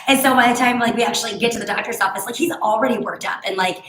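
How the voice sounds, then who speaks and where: A woman's voice: a little high, rapid-fire, a bit bright, echoey room, a little hiss or hum, rough recording. A woman in her thirties teaching a home barre workout, chatting through stories between exercise cues. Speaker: barre instructor. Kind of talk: live home workout class cueing.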